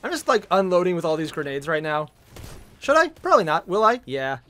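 A male streamer chatting casually while playing, excitable and swearing, with loud outbursts. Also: on the high side, quick pace. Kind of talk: casual gaming chat.

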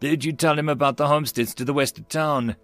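A man doing a steady small-town peace officer, firm but unhurried, who lays out the rules plainly. His voice sits a little higher than the narration. It is a dry, close storybook read. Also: dry recording, faint music behind. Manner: calm and matter-of-fact.

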